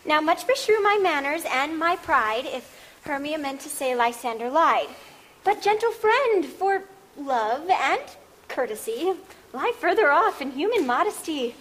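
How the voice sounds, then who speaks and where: A woman's voice: high-pitched, lively intonation, a little slow, fairly bright tone, voice pushed down. A woman playing a devoted young noblewoman. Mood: tender. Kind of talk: Shakespeare stage reading.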